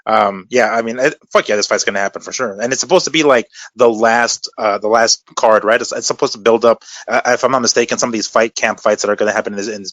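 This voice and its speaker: A man's voice: lowish voice, fast talker, hardly any pauses, fairly bright tone, no echo. A man co-hosting a casual boxing podcast, rambling and profane with many fillers. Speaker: podcast co-host.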